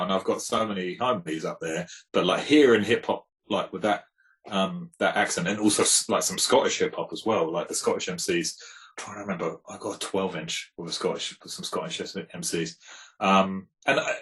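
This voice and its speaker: A man's voice: low voice, fairly bright tone, low-quality recording. A man, talking in a casual, rambling and reflective way as a guest in a conversation. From England. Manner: laid-back, rambling and reflective. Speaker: guest, hip hop producer.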